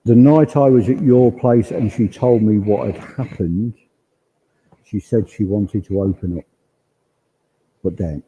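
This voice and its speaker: Guy medium passing on spirit messages, really slow, deep dark tone. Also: breathy edge, highs cut off. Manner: relays spirit messages in quoted speech. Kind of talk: mediumship demonstration at a service. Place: village hall.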